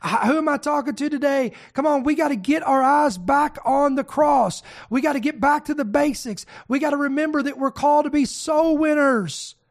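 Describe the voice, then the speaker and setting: High-voiced preacher, fervent, exhorting, broadcast sermon, repeated calls to the audience. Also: moderate pace, few pauses. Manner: fervent, exhorting, repeats short rallying phrases. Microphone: camera broadcast.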